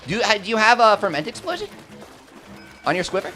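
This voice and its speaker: A young man commentating live gameplay and chatting with his viewers, swinging between hype and quick explanations. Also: sits high, big pitch swings, bright, forceful tone, faint music behind. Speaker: gaming streamer.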